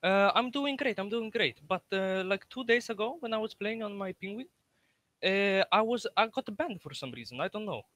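A man makes a prank call, halting and repeating himself in a put-on foreign voice. His voice sits high and bright. The sound is close and dry, with no room to it. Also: lively intonation, no room sound. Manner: hesitant, mock-foreign caller voice. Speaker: prank caller.

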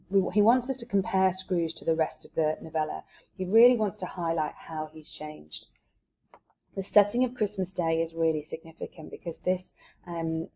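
A woman teacher reading a novel aloud and explaining it steadily, often pausing on hesitations. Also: low voice, dark tone, husky. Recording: dull lo-fi recording.

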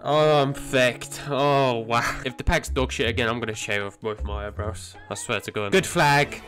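A young man commentating his own football video game matches, excitable and swearing often with crude jokes. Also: mid-range voice, moderate pace, music in the background. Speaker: gaming YouTuber. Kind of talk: live gameplay commentary.

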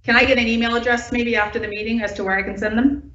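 A woman's voice: on the high side, little pitch movement, fast, fairly bright tone. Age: unknown. Sex: woman. Style: public comment. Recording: roomy, distant, dull video call audio. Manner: earnest, nervous, pressing objections. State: voice shaking from upset. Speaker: resident speaking at a council meeting. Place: indoors at home.

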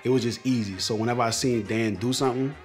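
A young man telling his story in a relaxed, slangy, animated way. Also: medium pitch, fast, soft background music. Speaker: viral comedian. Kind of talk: casual storytelling interview.

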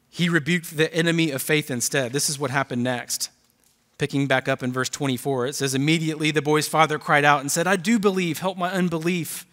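A man delivers a sermon, reading scripture aloud and pressing hard on key lines. His voice sits a little high for a man. The sound carries a long church-hall reverb. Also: a bit bright. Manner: reads scripture aloud, building emphasis. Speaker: pastor. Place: church auditorium.

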